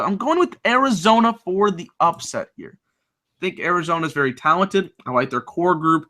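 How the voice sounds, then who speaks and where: Upbeat man with a bright voice. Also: high-pitched, animated, normal speed. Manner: upbeat, talks through picks with restarts. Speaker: co-host making bracket picks. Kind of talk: casual sports chat. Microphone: video call.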